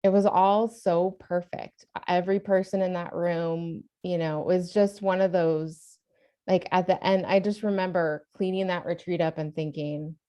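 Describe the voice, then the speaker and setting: A woman's voice: fairly low pitch, steady tone, normal speed, mellow. A woman podcast host in casual chat, reflective and often trailing off with fillers. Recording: dull lo-fi sound.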